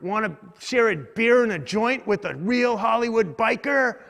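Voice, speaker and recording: A man voicing a loud, pushy homeless biker who yells his words out slowly. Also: extremely high pitch, expressive, gravelly, big-room sound, pitched above the performer's own voice, full character voice. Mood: wheedling. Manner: drawn-out yelling, pushy.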